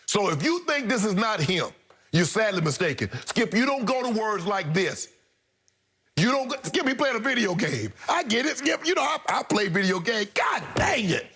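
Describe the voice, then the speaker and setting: High-voiced man in heated debate. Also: sing-song, normal speed, a bit bright, slightly rough. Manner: emphatic, blunt, slangy, repeats points for punch. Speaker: sports talk show co-host. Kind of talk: heated sports debate commentary.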